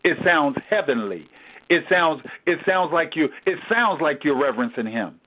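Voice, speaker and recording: A man's voice: on the high side, big pitch swings, moderate pace, slight background noise. A man teaching a Bible study in a preaching cadence, asking rhetorical questions and repeating key phrases for emphasis. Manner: rhetorical questions, repeats "why?" and "guess what?". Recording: tinny phone-like recording.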